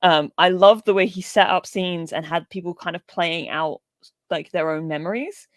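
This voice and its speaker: A woman's voice: fairly low pitch, moderate pace, no room sound. A woman co-hosting a podcast, chatting casually and rambling about films, laughing often and swearing now and then. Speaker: podcast co-host.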